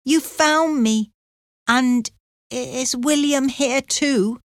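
A woman's voice: high voice, no room sound, clean studio sound, voice pushed up. Woman voicing a frail sick old mother. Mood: tearful joy. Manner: faint, slow, weak speech. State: weak from illness. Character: frail, weak older mother on sickbed.

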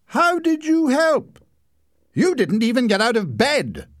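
A man voicing a blunt, hot-tempered young hunter who scoffs and shouts in a storybook reading. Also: fairly high pitch, wildly swooping pitch, moderate pace, no room sound, studio quality, voice pushed up, exaggerated voice. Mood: scornful. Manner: gruff, scornful, shouting when angry.

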